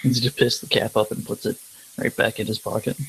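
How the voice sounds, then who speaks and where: A man narrates his character's actions in a tabletop game, hesitant and full of fillers. His voice is low and gravelly. A faint hiss of noise sits behind him. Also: little pitch movement, fairly quick, fairly bright tone, poor audio. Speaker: tabletop player. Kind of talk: casual tabletop role-play.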